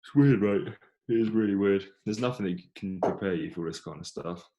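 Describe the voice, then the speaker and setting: A man's voice: low voice, brisk, mellow. A young man chatting casually with friends on a podcast, easygoing and matey, often stumbling as he starts a sentence. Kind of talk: casual chat. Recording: echoey room with faint noise.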